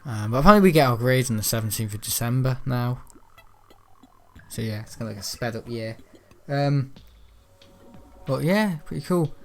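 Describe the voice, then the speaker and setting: A man's voice: medium pitch, expressive, moderate pace, long pauses, a little mellow, soft background music. A young man who is ill, chatting in a rambling way with many ums during gameplay commentary. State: ill, unwell. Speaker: gaming channel host.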